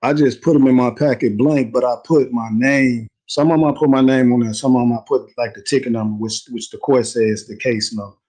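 A man's voice: mid-range voice, steady tone, brisk, few pauses, a little mellow, low-quality recording. A young man telling a story in a casual interview, slangy and rambling, laughing easily. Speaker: guest telling his story.

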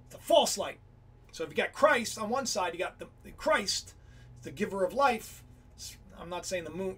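A man hosting a casual livestream about Bible symbolism, rambling and excitable, often breaking off mid-sentence. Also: high-pitched, breathy edge. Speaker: livestream host.

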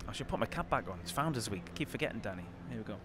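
Relaxed guy presenting a footy show, reading scores and fan questions, faint traffic outside. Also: on the low side, rapid-fire. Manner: easygoing, reads results and fan questions. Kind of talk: post-match show hosting. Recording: faint outdoor traffic noise.

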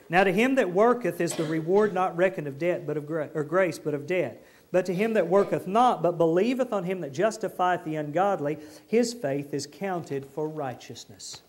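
A man preaching a folksy, animated sermon in a church, acting out the people he quotes. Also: fairly high pitch, moderate pace.

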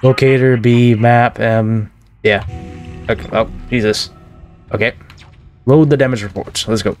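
A man's voice: mid-range voice, steady tone, a little slow, soft background music. A man commentating on his own gameplay in a casual let's-play, joking and exclaiming at scares. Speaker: gaming video host.

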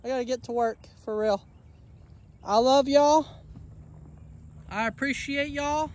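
Guy out in a pasture sweet-talking his cows, fairly high voice. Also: unhurried, a little mellow. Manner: coaxing, affectionate chatter to animals. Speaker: homesteader vlogger. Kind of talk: casual vlog talk. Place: outdoor pasture.

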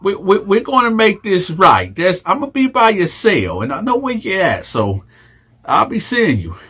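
A man voicing a menacing, soft-spoken older male prison predator who talks slowly and quietly. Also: high voice, big pitch swings, slightly rough, heavily acted. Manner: quiet, slow, coaxing threats.

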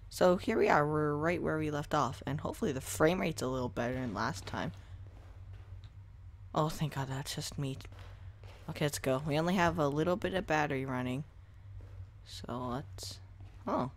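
A gaming video host giving casual let's-play commentary into a desk microphone at a home setup, chatting to viewers and reacting out loud to jump scares. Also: medium pitch, moderate pace, pauses often, slight background noise. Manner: talks to the viewers and to himself while playing.

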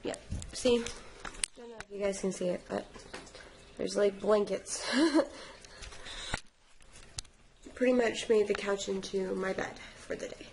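A woman's voice: mid-range voice, fairly even intonation, measured pace, creaky, long pauses, a little mellow, a little hiss or hum. A young woman vlogging from her couch at home, sleepy and tired, rambling in a chatty way. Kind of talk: casual vlog chat.

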